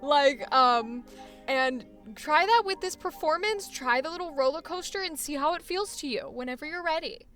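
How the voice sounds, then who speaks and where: A woman voice acting coach explaining technique in an animated way, laughing often. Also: high voice, moderate pace, faint music behind. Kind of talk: coaching session.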